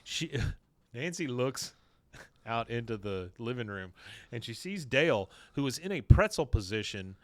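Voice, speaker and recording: Man, podcast co-host, casual recap, laughs often, mid pitch, dry. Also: sing-song, measured pace, no room sound. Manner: laughs often, reads scenes aloud.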